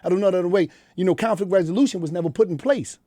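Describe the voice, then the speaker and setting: Middle-aged Philadelphia man, rapid blunt talker, dry studio sound. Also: sits high, dark tone, no room sound. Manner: blunt, profane street storytelling. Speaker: guest. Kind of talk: candid interview talk. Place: radio studio.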